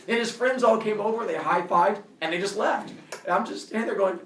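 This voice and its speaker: A man telling a childhood fight story in an animated way, laughing and acting out the voices. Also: high voice, a little fast, few pauses, a little hiss or hum. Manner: animated, laughing, acts out quotes. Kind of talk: personal storytelling talk. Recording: roomy, distant camera audio.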